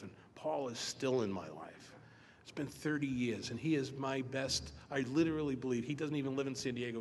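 An older man telling his personal story to a recovery meeting, animated and repeating phrases for emphasis. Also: medium pitch, slight background noise. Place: meeting hall. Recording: roomy hall reverb, faint background ambience.

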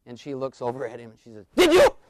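A man's voice: mid-range voice, rapid-fire, no room sound. A middle-aged man, a therapist, telling stories to an audience and acting out his clients. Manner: animated storytelling, acting out clients. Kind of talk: talk to an audience.

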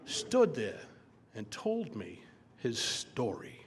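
An older man speaking at a recovery meeting, telling his own story in a halting, joking way. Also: on the high side, expressive, fairly bright tone. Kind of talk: personal recovery testimony. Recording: echoey hall, faint room noise.

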